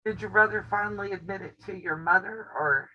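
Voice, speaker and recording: A woman's voice: mid-range voice, fairly quick, bright, forceful tone. Chatty woman on a dull stream. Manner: chatty storyteller who laughs often. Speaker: quilting channel host. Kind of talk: casual live-stream chat. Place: home. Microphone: camera on a table. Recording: dull lo-fi audio.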